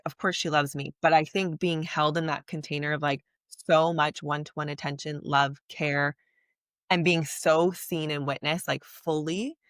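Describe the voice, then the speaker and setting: A woman's voice: sits low, a bit bright, no room sound. Reflective woman podcast host, dry sound. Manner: reflective, earnest, rambling with frequent fillers. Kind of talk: casual conversation.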